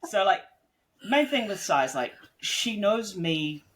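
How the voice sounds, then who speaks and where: Blunt, rambling podcast guest. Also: male voice, sits high, very animated, a little slow, fairly bright tone. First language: English. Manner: blunt, swears freely, rambling with many "like"s. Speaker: guest author and editor. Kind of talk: casual podcast interview.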